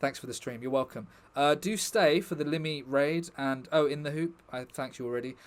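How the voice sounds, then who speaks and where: A man's voice: a little high, a little fast. Chatty man wrapping up a stream. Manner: chatty, rambling, jokey asides to chat. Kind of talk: casual chat to stream viewers.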